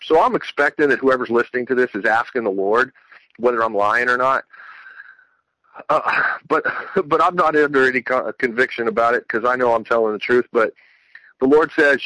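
A man's voice: mid-range voice, a little fast, pushed and bright, dry recording, poor audio. A man earnestly telling a long personal religious testimony, rambling with many restarts. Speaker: Christian speaker sharing testimony.

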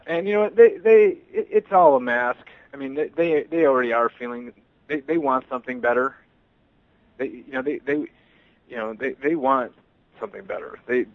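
Man, eager street evangelist, halting delivery with repeats; tinny phone-like radio sound. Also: medium pitch, no echo. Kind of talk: casual testimony.

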